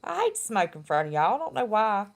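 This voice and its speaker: A woman's voice: mid-range voice, sing-song, fast talker, gravelly. A middle-aged woman, chatting casually and bluntly on her live stream and laughing often. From West Virginia.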